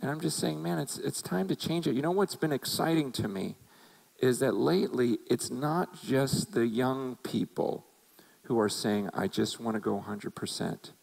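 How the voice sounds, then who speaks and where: A man's voice: medium pitch, expressive, normal speed, vocal fry, darkish tone, low-quality recording. A man preaching a sermon as a pastor, conversational and emphatic, acting out quotes as he goes.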